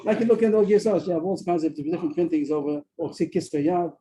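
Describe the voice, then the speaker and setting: Guy teaching talmud on a video call, talks super fast, dark mellow voice, keeps restarting. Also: fairly high pitch, low-quality recording. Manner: explains quickly, with frequent restarts. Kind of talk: daily Talmud study class over video call.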